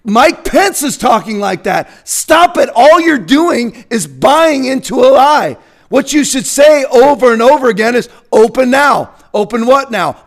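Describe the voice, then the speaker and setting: A political commentator with a very high, gravelly voice delivers an emphatic, combative opinion rant, bursting into shouting at points.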